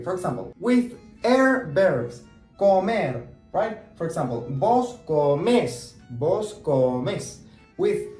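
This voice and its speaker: A man's voice: fairly high pitch, darkish tone. Patient Argentine man teaching, roomy echo. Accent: Argentine Spanish. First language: Spanish. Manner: explains patiently, repeats words slowly, checks in with "okay?". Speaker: Spanish teacher. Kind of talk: online language lesson. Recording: roomy echo with faint music.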